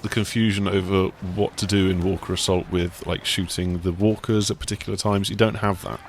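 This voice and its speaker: A man's voice: sits low, level tone, a little fast, a little hiss or hum. A man hosting a casual video game chat, talking in a rambling, enthusiastic way. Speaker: gaming site host.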